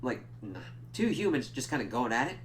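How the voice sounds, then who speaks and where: A man's voice: medium pitch, sing-song, a little fast, a little hiss or hum. A young man casually recapping a TV episode for a spoiler review, rambling and swearing often, with lots of filler "like"s. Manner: rambling, profane retelling full of "like".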